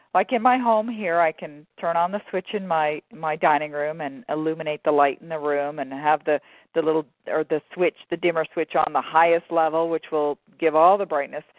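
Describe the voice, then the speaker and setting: A woman author telling stories in a relaxed interview, with frequent fillers and laughter. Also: low-pitched, normal speed, no room sound. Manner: animated storyteller, many fillers and laughs. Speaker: guest author. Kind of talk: casual conversational interview. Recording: phone-like dry line.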